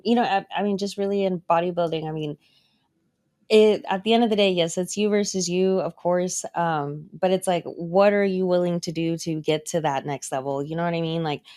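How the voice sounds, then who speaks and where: A woman guest who works as a personal trainer chats easily on a talk show. Her voice sits a little low, and she fills her talk with "like" and "you know". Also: brisk, darkish tone. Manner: chatty, uses "like" and "you know". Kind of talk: casual interview chat.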